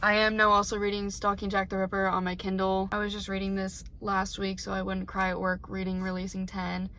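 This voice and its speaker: A woman's voice: mid-range voice, completely flat delivery, fairly quick, sharp tone, a little hiss or hum. A young woman chatting casually about books for her reading vlog, rambling and emotional, recorded in her car. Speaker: book vlogger.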